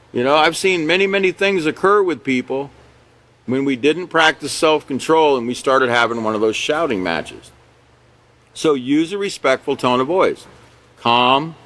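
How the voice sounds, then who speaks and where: A man with a mid-range, slightly bright voice teaches a character education class in a conversational lecture style, chuckling now and then and often checking in with "you know" and "okay."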